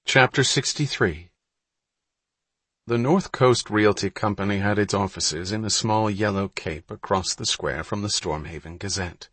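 A man reading an audiobook in a measured, unhurried storytelling manner. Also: on the low side, fairly bright tone, husky, dry recording. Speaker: audiobook narrator. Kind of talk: scripted narration.

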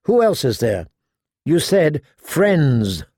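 Man doing a young girl, fierce, wary, blunt, raised slow delivery. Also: a little high, big pitch swings, husky, dry recording, studio quality, heavily acted. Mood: defiant. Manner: sharp, defiant and blunt.

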